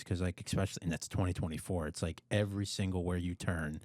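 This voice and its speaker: A man interviewing a guest on a podcast, chatting quickly and casually, often agreeing. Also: low voice, fairly even intonation, a little mellow, no echo, studio quality.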